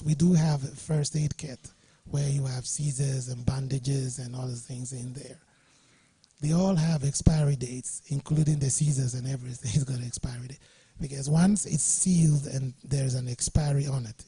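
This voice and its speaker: With a mellow, husky mid-range voice, a middle-aged guest speaker from Ghana tells anecdotes to a workshop audience, chuckling often in a jovial way. The recording, from a studio or workshop room, is dry.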